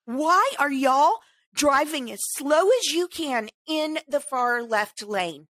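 A woman with a high, bright voice rants in an animated, exasperated way as a podcast co-host. She talks casually and heatedly. The sound is close and dry. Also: takes it slowly, no echo. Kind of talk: casual chat.

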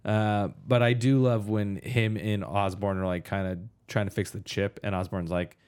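A man in casual podcast chat about a movie, animated, swearing freely and acting out lines he quotes. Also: fairly low pitch, normal speed, clean tone. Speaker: podcast co-host.

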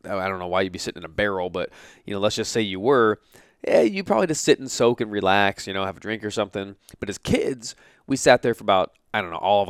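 A man's voice: lowish voice, clear, resonant tone, no echo, clean studio sound. Man in his thirties telling childhood stories. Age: 30s. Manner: rambling, full of "you know" and "like" fillers. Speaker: podcast host. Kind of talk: casual personal storytelling.

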